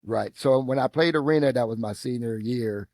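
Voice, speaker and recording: A middle-aged man with a Midwestern American accent, a podcast guest telling football stories in a lively, casual way. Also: moderate pace, no room sound. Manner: animated storyteller, acts out quotes with rising pitch. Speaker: guest, former football player and coach. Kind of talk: casual storytelling interview.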